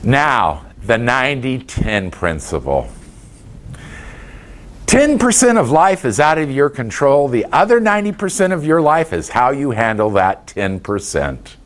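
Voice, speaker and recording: Lively, folksy man speaking to caregivers. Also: mid-range voice, measured pace. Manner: folksy anecdotal storytelling. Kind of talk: motivational talk to an audience.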